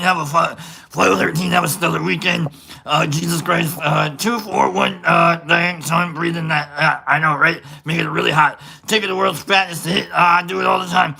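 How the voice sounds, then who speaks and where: High, gravelly, tense-voiced man. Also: pushed and bright. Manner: rambling, reads names off chat with frequent "uh"s. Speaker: live-stream host. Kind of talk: casual live-stream chat reading viewer shout-outs.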